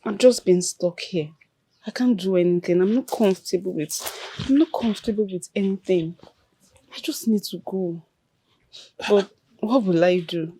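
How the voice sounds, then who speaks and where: A homesick pleading queen, nigerian accent, mellow husky tone. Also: medium pitch, normal speed. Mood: tearful. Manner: tearful and pleading. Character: homesick young queen, a former huntress.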